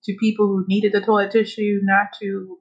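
Husky, blunt woman in casual chat. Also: mid-range voice, level tone, normal speed. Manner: blunt, profane, laughs often. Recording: dull lo-fi recording.

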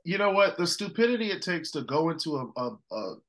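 A man's voice: fairly high pitch, a little fast, low-quality recording. A man with a Detroit accent hosting a casual podcast, telling stories with lots of animation and frequent laughter. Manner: animated storytelling, laughs often. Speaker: podcast host.

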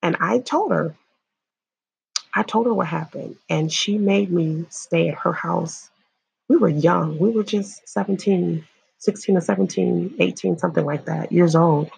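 A woman from Illinois giving earnest personal testimony, halting and repeating herself as she speaks to viewers. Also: on the low side, gravelly, a little mellow, husky, no echo. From Illinois, USA. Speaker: survivor sharing her story.

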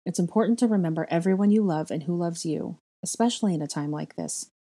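A woman gives voice to a clever, determined teenage witch with a low, warm voice. She speaks in a firm, earnest way, sure of what she says. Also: quick pace, close to an everyday voice.

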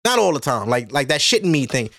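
Very animated and talking fast, a medium-pitched, slightly bright-voiced podcaster from Brooklyn vents in a profane, exasperated, rambling monologue with a New York accent. There's no room sound.

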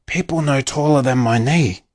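A man voicing a gentle old grandfather in a storybook reading, telling a tale softly. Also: mid-range voice, moderate pace, lightly acted. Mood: hushed. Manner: soft and hushed.

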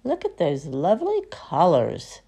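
A brisk, fussy storybook rabbit, exclaiming and busy, voiced by a woman reading aloud. His voice jumps up high and carries a slight rasp. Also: wildly swooping pitch, mellow, heavily acted. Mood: eager.

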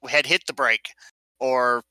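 In this rough, echo-free recording, a man talks about films in a relaxed conversation. His medium-pitched voice is slow and smooth as he animatedly acts out scenes and explains what happens in them.

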